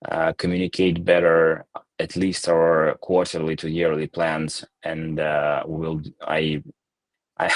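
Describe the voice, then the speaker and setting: Low voiced ceo guy answering questions live, lots of uhs, dry sound. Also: no room sound. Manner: measured, hesitant, many fillers and restarts. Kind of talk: live Q&A session.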